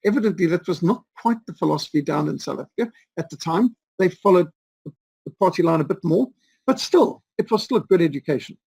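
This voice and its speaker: A Zimbabwean man in his fifties, from Rhodesia, tells rambling anecdotes as an interview guest, full of fillers and restarts. His high, husky, darkish voice has lively intonation, a quick pace and vocal fry. The recording is dry and rough.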